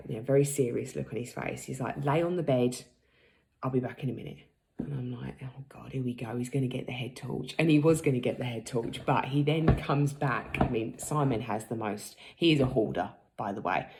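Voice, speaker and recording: A woman's voice: extremely low pitch, darkish tone. A woman in her thirties telling a frank, laughing story in a casual vlog, acting out what people said. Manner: chatty, frank and laughing, acts out quotes. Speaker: vlogger.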